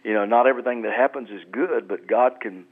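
A man's voice: mid-range voice, fast talker. A man, a pastor, explaining scripture in an earnest radio interview, often repeating words as he restarts. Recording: tinny phone-like radio line.

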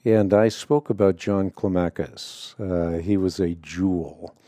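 A man hosting a radio call-in show, speaking in a measured, deliberate way with frequent filler sounds. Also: sits low, fairly even intonation, mellow, no echo.

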